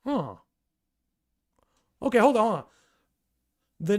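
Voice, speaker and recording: A young man with a notably high voice hosts a casual livestream. He talks in a chatty, excitable way, thinking aloud and restarting his sentences as ideas come. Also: normal speed. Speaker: podcast and livestream host.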